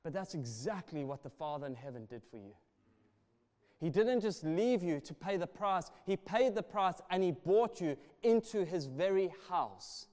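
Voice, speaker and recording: A man preaching a sermon, passionate and swinging between soft and loud delivery. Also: sits high, expressive, normal speed. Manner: passionate, rising and falling in volume. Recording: long reverb of a large hall.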